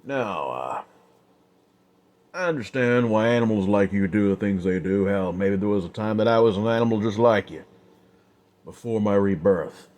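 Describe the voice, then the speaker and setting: A chillingly calm, quiet gunslinger , as a man puts him on for a told Western story. He speaks low and steady, never raising his voice. The menace lives in how relaxed he sounds. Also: moderate pace, close to an everyday voice. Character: cold, calm gunslinger with hollow eyes.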